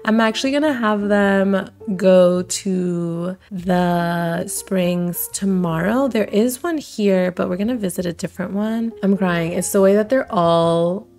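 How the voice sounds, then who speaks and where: A woman's voice: medium pitch, measured pace, hardly any pauses, darkish tone, faint music behind. A young woman hosting a let's play, giving casual commentary that gushes and giggles over her game. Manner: gushing, giggly, playful.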